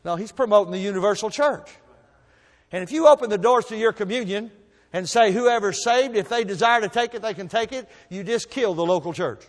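A man preaching a sermon, telling folksy stories and swinging from soft asides to loud emphasis. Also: high-pitched, a little fast, big-room sound. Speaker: pastor.

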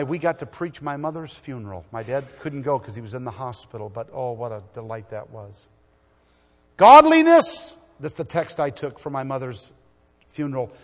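A middle-aged man preaching a sermon in a church, swinging from loud exhortation to quiet storytelling. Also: medium pitch, big-room sound.

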